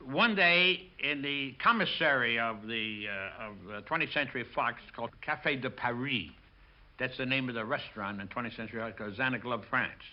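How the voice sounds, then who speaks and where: An older man sits for an interview, spinning lively stories and acting out the voices of the people in them. His pitch sits in an ordinary middle range. The recording is a little dull and lo-fi. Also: normal speed. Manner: lively storyteller acting out quotes. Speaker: film director. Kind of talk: interview recollection.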